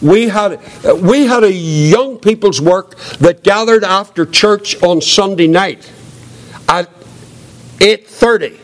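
Older preacher, high voice. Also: male voice, takes it slowly. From Northern Ireland. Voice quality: quiet voice. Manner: earnest, reflective storytelling. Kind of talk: testimony sermon.

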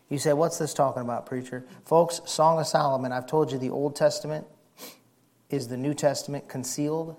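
A man preaching a folksy, excitable sermon, shouting and whispering for effect. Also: on the high side, brisk.

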